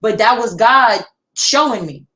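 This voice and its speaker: A woman's voice: a little high, animated, unhurried, fairly bright tone, rough recording. A young woman, talking bluntly and defiantly with heavy profanity in a casual livestream discussion. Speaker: livestream co-host.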